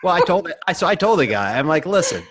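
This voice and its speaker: A man's voice: fairly high pitch, sing-song, quick pace, a bit bright. A man co-hosting a casual podcast chat, telling stories in a joking, teasing way. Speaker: podcast co-host.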